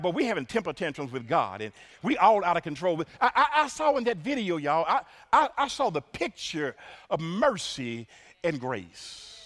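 A man preaching a sermon, stammering repeats and calling the congregation y'all, swinging from hushed lines to loud praise. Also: a little high. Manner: repeats words in bursts, addresses crowd as y'all.

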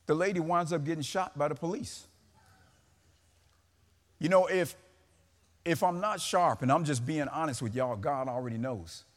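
Male pastor, high-pitched, fervent sermon delivery with call-and-response, church reverb. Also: moderate pace, long pauses. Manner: preaching with rising fervor and call-and-response.

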